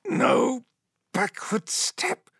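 A man's voice: drawn-out words, fairly bright tone, no echo, clean studio sound. A man voicing an exhausted young male recruit who speaks in a strained, earnest and fiercely determined way. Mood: grim resolve.

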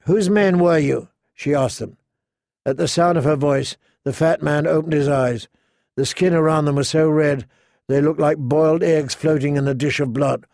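A man narrating an audiobook in a measured, unhurried, vivid way. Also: on the high side, fairly even intonation, creaky, darkish tone, no room sound, studio quality. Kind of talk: scripted narration.

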